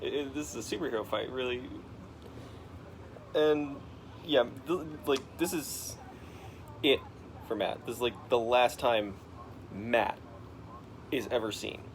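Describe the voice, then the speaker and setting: A young man casually retelling a comic book story to his father, halting and full of restarts. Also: medium pitch, a little hiss or hum. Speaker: son explaining a comic to his dad.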